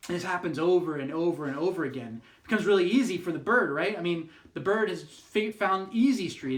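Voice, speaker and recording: A youth pastor tells a fable to his group in a loose, casual way, full of fillers and restarts. His voice sits a little high for a man. The recording rings in an echoey room. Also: lively intonation, fairly quick, few pauses. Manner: casual, rambling storytelling with many fillers and restarts. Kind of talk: youth group devotional talk.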